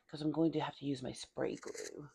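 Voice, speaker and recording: Over a noisy background, a woman with a creaky, rumbling low voice talks a little fast as she paints a miniature. She's a chatty Tennessean with a Southern accent making a casual hobby vlog, laughing frequently and muttering and whispering while she works.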